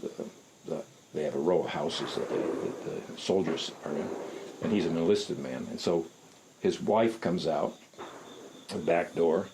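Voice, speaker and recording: A man's voice: sits low, unhurried, noisy background. An older man telling a long folksy story in an interview, rambling and repeating words as he goes. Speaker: interviewee, archer. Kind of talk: casual storytelling. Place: barn.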